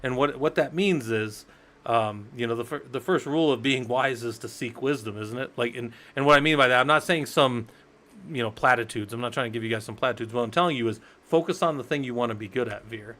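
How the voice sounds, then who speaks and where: A man's voice: mid-range voice, fairly quick, pushed and bright. Laid-back guy teaching linux on a stream, rambly and chatty, normal mid voice. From United States. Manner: rambling, conversational, tells stories with acted quotes. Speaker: livestream Linux instructor. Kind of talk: casual live-stream teaching.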